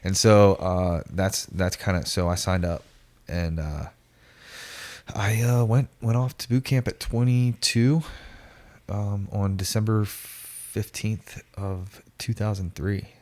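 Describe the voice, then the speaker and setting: A man in his forties telling a story casually on a podcast, slangy and animated, acting out the voices of the people in it. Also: fairly low pitch, slow. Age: 40s. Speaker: podcast guest.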